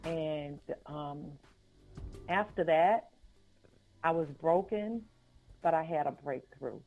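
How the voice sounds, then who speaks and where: Slow, gravelly woman on a phone line. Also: sits low. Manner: slow, earnest storytelling with repetition. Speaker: author and life coach. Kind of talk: podcast interview, personal story. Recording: phone-like line with faint music.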